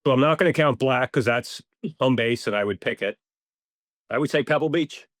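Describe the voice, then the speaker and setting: A man, a podcast guest, telling stories in a casual, animated way, swearing now and then and acting out what people said. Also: medium pitch, normal speed, no echo, clean studio sound. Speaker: podcast guest, ball marker maker. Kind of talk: casual storytelling interview.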